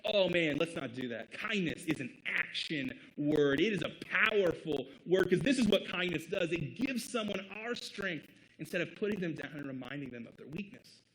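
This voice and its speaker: Midwest pastor guy preaching, earnest and chatty, bit high-pitched. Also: animated, moderate pace, a bit bright, low-quality recording. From Midwest United States. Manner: conversational, earnest, laughs between points. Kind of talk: sermon.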